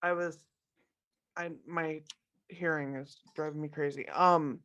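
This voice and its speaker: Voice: mid-range voice, fairly even intonation, a little slow, fairly bright tone, clear, resonant tone, dull audio. A player in a tabletop game, joining over a voice call, talking in a hesitant, distracted way.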